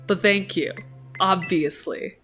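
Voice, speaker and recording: A woman's voice: mid-range voice, takes it slowly, a bit bright, faint music behind. A woman streamer chatting live with her viewers, playful and mock-dramatic, laughing often.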